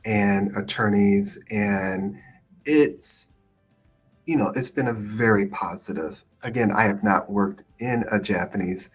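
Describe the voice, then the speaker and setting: Man, low husky voice, hesitant, lots of ums, live-stream host, video call. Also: slow, faint music behind. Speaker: immigration attorney, host.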